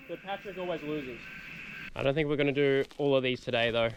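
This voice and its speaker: Brisk and mid-range, the voice belongs to a young man, a PhD student filming a casual vlog while doing fieldwork in a swamp. He's upbeat, jokey, and quick to mock himself, and the distant mic catches faint noise from outside.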